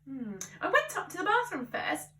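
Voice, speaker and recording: A hesitant young boy , as a woman reads him aloud, pleads politely in a high, bright voice and keeps trying to get a word in. The sound is roomy and set back from the mic. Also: wildly swooping pitch, normal speed, exaggerated voice. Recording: echoey room, voice from a distance.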